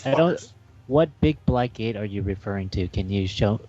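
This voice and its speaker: Lowish guy, muffled mic, checking the rules carefully in an rpg session. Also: animated, normal speed, mellow. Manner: asks careful tactical questions. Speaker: player. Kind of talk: casual online tabletop game session.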